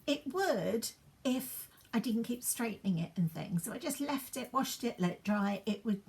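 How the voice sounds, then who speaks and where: A woman chats in a rambling way as she styles her hair for a get-ready-with-me vlog at home, dropping into soft asides. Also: a little high, lively intonation, normal speed. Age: 50s. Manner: chatty, rambling, drops into soft asides while working. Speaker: beauty vlogger.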